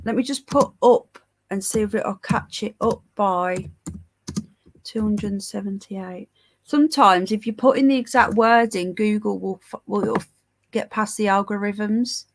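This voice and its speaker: A woman's voice: mid-range voice, unhurried. A woman with a stuffy head cold hosting a livestream, reading headlines and chat aloud with sarcastic, scornful asides. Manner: sarcastic, scornful commentary, chatty asides to viewers. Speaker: livestream news host.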